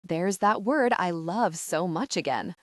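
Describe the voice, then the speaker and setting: A woman reading the part of a gruff, teasing young man, a former ballplayer, in an audiobook. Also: lowish voice, unhurried, no echo, clean studio sound, natural voice.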